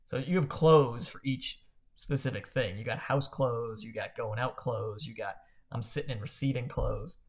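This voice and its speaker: A man's voice: mid-range voice, normal speed. Chatty rambling man on a book podcast. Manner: rambling, chatty, self-correcting. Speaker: podcast co-host. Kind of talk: casual book discussion.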